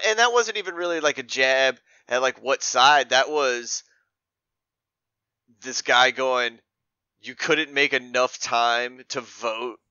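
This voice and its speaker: A man's voice: medium pitch, bright, forceful tone, clear, resonant tone, no echo, muffled recording. An American man co-hosting a podcast, recapping a TV episode in rambling casual chat full of "like" and restarts that trail off. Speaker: podcast co-host.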